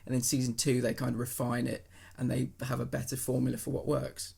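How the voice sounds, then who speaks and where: Role: podcast host. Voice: gravelly, husky. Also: mid-range voice, a little fast. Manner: relaxed, curious questioning. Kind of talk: casual interview chat.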